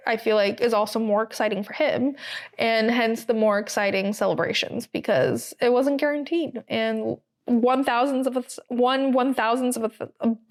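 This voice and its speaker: An American woman hosting a podcast, recapping in a chatty, casual way with many fillers and wry asides. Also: on the high side. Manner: chatty, lots of ums and likes, wry asides. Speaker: podcast host. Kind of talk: casual solo recap chat.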